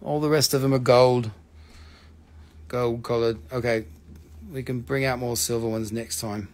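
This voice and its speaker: A man's voice: mid-range voice, fairly even intonation, unhurried. A man hosting a live crystal sale, rambling and joking as he swears freely and talks to viewers by name. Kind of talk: casual live sales pitch.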